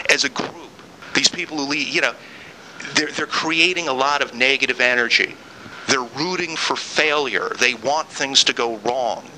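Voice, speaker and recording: Bright-voiced ranting man. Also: medium pitch, a little hiss or hum, rough recording. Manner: angry, ranting, sarcastic mock quotes. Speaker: podcast host. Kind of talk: solo political rant.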